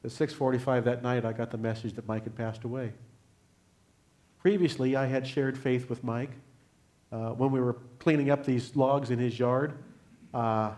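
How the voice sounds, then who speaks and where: An older man, a guest speaker at a church, telling a personal faith story in an earnest, unhurried way and closing in prayer. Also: medium pitch, steady tone, darkish tone. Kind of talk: sermon testimony.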